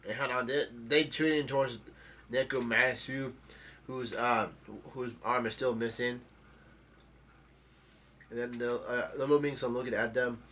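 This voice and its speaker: A man casually summarizing the plot of a comic chapter, with halting speech full of ums, uhs and restarts. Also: mid-range voice, fairly even intonation, a bit bright. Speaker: manga chapter recapper.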